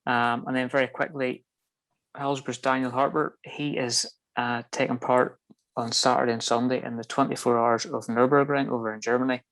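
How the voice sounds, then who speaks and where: A man co-hosts a motorsport podcast in relaxed, casual chat. He rattles through the news briskly, rambling a little and leaning on fillers as he goes. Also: medium pitch.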